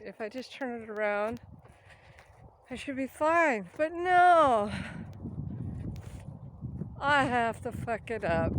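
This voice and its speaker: An out-of-breath woman films a casual vlog on her phone as she walks beside a river. She talks slowly and her voice sits a bit high. She rambles and laughs easily, with faint outdoor sounds behind her. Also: a little hiss or hum. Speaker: vlogger. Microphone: phone held at arm's length.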